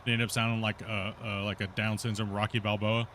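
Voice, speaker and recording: A man's voice: lowish voice, flat delivery, brisk, bright, forceful tone, a little hiss or hum. A man hosting a gaming stream, chatting casually over voice chat and laughing often. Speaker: stream host.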